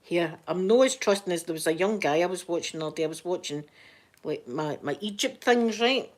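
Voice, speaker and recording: A woman's voice: fairly low pitch, animated, a little fast. A Scottish woman chatting casually on a live stream, rambling through stories and laughing often. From Scotland. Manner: chatty, rambling storyteller who laughs a lot.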